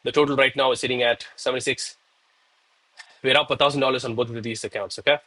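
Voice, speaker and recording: A man's voice: medium pitch, steady tone, quick pace, pushed and bright, poor audio. A young man chatting casually with viewers on a live trading stream, breathless and hyped between sets of push-ups.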